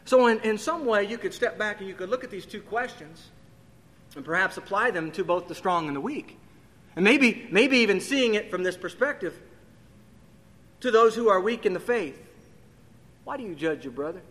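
A man's voice: sits high, moderate pace, fairly bright tone. A man preaching an expository sermon, his voice rising emphatically on key questions. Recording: long hall reverb.

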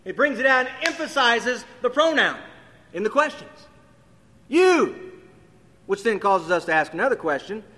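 A man's voice: sits high, animated, fairly quick, bright, forceful tone. A man preaching an expository sermon, his voice rising emphatically on key questions. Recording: long hall reverb.

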